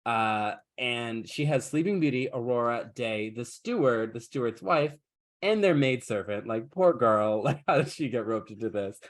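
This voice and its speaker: A man's voice: medium pitch, lively intonation, moderate pace. Man retelling a fairytale with jokes. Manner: irreverent, joking. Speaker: podcast host. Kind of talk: casual chat, comic retelling.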